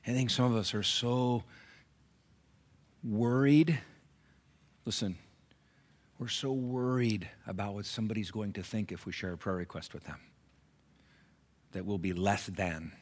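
A pastor delivers his sermon in a church with a somewhat low male voice. He speaks earnestly and personally, pushing some phrases out with force and dropping others to a near-whisper. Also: fairly even intonation, unhurried, pauses often. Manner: earnest, shifts from raised emphasis to hushed near-whispers. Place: church sanctuary.

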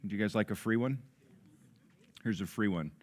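A middle-aged man preaching a sermon, telling a story with loud excited bursts and soft low asides. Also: normal speed. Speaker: pastor.

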